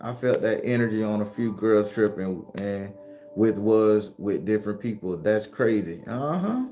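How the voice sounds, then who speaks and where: A man's voice: fairly low pitch, mellow. A man hosting a casual live stream, talking bluntly and profanely and greeting viewers by name. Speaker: host.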